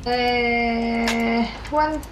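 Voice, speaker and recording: Woman tabletop player, high-pitched and slow, giggly, echoey room. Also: steady tone, music in the background. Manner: giggly, thinks aloud while counting. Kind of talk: playing a tabletop game.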